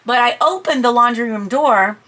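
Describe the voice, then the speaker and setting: Middle-aged woman, animated storyteller, chatty asides, bright ringing tone, pitched a little high. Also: moderate pace. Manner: animated, jumps high and shouts when quoting her own panic. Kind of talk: personal anecdote told to listeners.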